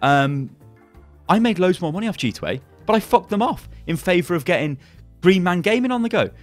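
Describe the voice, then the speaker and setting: A man's voice: sits high, big pitch swings, a little fast, faint music behind. Swearing man ranting angrily. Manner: ranting, heavy swearing, frequent restarts. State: angry. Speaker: YouTube gaming channel host. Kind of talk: angry commentary video.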